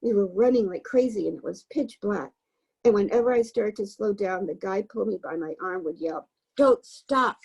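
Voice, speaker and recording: A woman reading a novel aloud for a book club, in a gravelly, husky voice. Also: medium pitch, fairly quick, mellow, low-quality recording.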